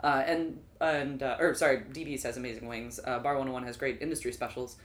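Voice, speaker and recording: Low-voiced woman, animated bar stories. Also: fairly quick. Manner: animated storyteller, swears freely. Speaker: bartender and podcast co-host. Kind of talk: casual chat. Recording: echoey room with faint ambience.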